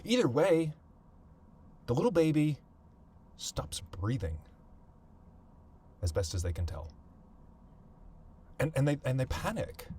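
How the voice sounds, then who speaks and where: A man hosting a podcast, telling a personal family story in a halting way, often repeating words and thinking aloud. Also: medium pitch, huge pitch swings, warm tone, slight background noise. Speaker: podcast host.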